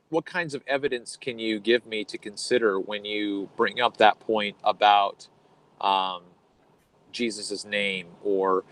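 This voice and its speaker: A man's voice: lowish voice, a bit bright, low-quality recording. A man co-hosting a conversation, explaining Bible translation in a hesitant, teacherly way with frequent ums and restarts. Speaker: podcast co-host.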